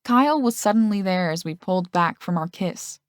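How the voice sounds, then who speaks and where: A woman's voice: lively intonation, a little fast, smooth, no echo, clean studio sound. A woman reading a first-person audiobook, giving the characters' lines small shifts of voice. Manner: reads male and female characters' lines with shifts in pitch. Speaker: audiobook narrator.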